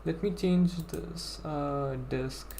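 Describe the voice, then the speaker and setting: A man's voice: fairly high pitch, fairly even intonation, extremely slow, vocal fry, mellow, a little hiss or hum. A young man live-streaming a game from his home setup, chatting casually and rambling to his viewers with lots of "bro" and "like". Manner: chatty, rambling, self-deprecating, says "bro" and "like".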